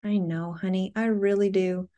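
A woman's voice: mid-range voice, steady tone, moderate pace, warm tone, highs cut off, close to an everyday voice. A woman reading the part of a tender, affectionate woman who speaks soothingly and calls her partner honey. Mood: reassuring.

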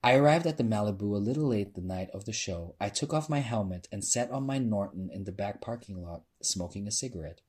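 A man's voice: lowish voice, lively intonation, brisk, few pauses, a little mellow, breathy edge. A man reading a first-person novel aloud informally, stumbling now and then and restarting lines. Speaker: narrator.

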